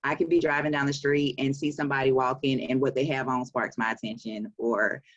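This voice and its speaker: A woman's voice: very deep voice, fairly even intonation, a little fast, dry recording, highs cut off. A woman in her forties with a Southern US accent, an author talking about her work in a casual interview, chatty and laughing often. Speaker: author and publisher.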